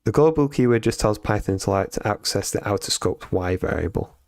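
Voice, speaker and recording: A man on a live stream reading programming lessons aloud and thinking out loud as he codes, with frequent ums and restarts. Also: fairly low pitch, animated, fairly quick, vocal fry. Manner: thinks aloud with many fillers and self-corrections. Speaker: streamer learning to code.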